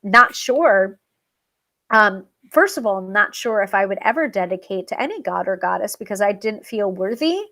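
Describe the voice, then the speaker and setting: Animated and sharp-toned, this medium-pitched woman talks at a moderate pace as she hosts a tarot show. She chats casually about working with a goddess and reads tips off a list, full of ums and restarts, often laughing at herself.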